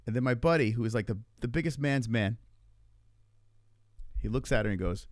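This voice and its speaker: Animated man telling stories on his show. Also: medium pitch, moderate pace, dry recording, studio quality. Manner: animated, swears freely, loose rambling retelling. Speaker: podcast host. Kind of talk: casual storytelling chat.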